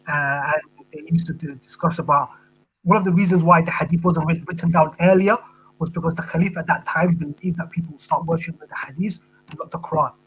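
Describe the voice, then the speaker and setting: A man's voice: fairly high pitch, a bit bright, slightly rough, rough recording. A man in an online voice-chat debate making a long argument, often restarting and repeating words. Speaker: debate participant.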